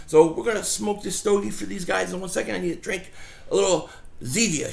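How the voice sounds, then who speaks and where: Gravelly high-voiced man ranting outdoors. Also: fast talker. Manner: rambling, animated storytelling with mocking impressions. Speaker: fan vlogger. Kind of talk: casual outdoor vlog rant.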